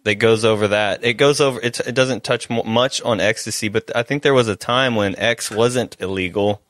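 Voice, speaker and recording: A man's voice: on the low side, normal speed, fairly bright tone, no echo. A man co-hosting a casual podcast, prodding with curious questions. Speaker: podcast co-host. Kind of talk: casual chat.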